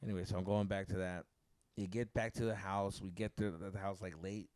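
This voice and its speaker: A young man and podcast co-host telling a story among friends in a casual, animated way, acting out both sides, swearing freely and mixing in Spanish slang. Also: low voice, brisk, no echo.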